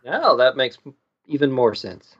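A man's voice: mid-range voice, sing-song, a little slow, breathy edge. A man co-hosting a podcast, teasing his friends and joking. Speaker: podcast co-host. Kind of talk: casual chat. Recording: dull lo-fi sound.

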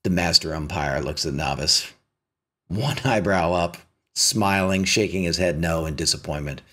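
A male motivational speaker gives a spiritual self-help talk at normal speed, telling a story and acting out its characters. His pitch climbs when he's emphatic, then drops low and soft to land the point.

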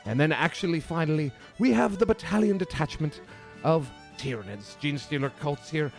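Man doing a comic put-on Irish brogue, animated and pitched up, faint music under. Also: moderate pace, vocal fry. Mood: hammy. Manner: hammy, stumbling list reading. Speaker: podcast host.

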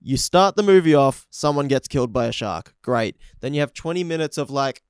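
A man's voice: fairly high pitch, expressive, brisk, hardly any pauses, clear, resonant tone, dry recording. Guy, blunt and sweary film-review co-host, clean resonant voice, close dry mic. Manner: blunt, profane, laughing as he recaps. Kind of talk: casual film review chat.

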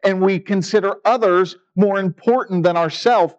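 A man's voice: high voice, normal speed, highs cut off. A man preaching a sermon in an earnest, emphatic way, asking rhetorical questions. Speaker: pastor.

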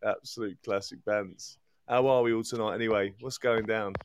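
A man's voice: on the low side, steady tone, moderate pace, a little hiss or hum. A man hosting a live community chat, joking and laughing with his guests. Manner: laughing, jokey banter. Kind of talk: casual chat.

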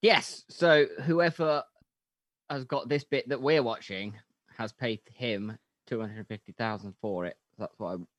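A man's voice: mid-range voice, measured pace, no echo. A man co-hosting a film podcast, laid-back and casually swearing. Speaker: podcast co-host.

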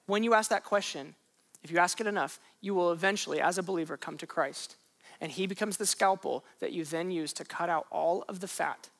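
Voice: medium pitch, a bit bright. A pastor preaching a sermon in a conversational way, asking rhetorical questions and repeating phrases for emphasis.

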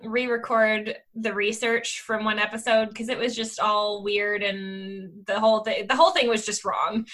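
A woman's voice: fairly high pitch, sharp tone. A woman co-hosting a podcast in casual chat, talking in a rambling way with lots of "like" fillers and frequent laughter. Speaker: podcast co-host. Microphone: remote call mic.

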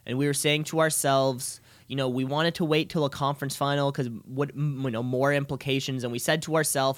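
A man's voice: mid-range voice, fairly even intonation, brisk, few pauses, dry recording. A man co-hosting a podcast, telling stories in a casual chat, stammering and restarting and laughing often as he gets worked up. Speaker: podcast co-host.

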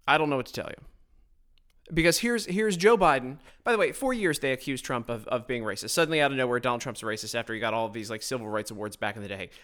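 Talking fast in a medium-pitched, slightly bright voice, this podcast host gives a blunt, sarcastic political monologue into his own mic. He frequently stumbles and starts his sentences over.

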